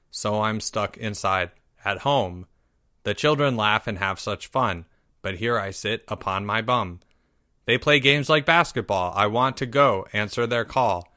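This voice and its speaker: Brief: man as a cheeky schoolboy, deadpan delivery, slow and dry. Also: on the low side, clean tone, no room sound. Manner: deadpan recitation. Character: cheeky schoolboy, blank-faced.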